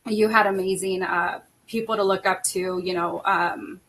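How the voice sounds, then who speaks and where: A middle-aged woman hosts a casual podcast, talking in a bright, clear voice. She is emotional and laughs easily, and she fills her sentences with "like" and "you know.". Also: medium pitch, fairly even intonation, normal speed, a little hiss or hum. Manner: emotional, laughing often, many fillers. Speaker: podcast host. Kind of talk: casual chat.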